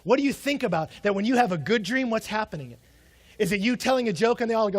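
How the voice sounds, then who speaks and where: A man's voice: sits high, lively intonation, quick pace. A young adult man preaching a sermon in a conversational way, asking rhetorical questions and acting out short quotes. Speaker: pastor.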